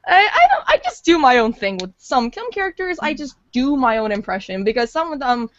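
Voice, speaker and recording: Brief: high-pitched woman, rambling self-deprecating podcast chat, dry close sound. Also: very animated, fairly quick, no room sound. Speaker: fan voice actor. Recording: dull lo-fi audio.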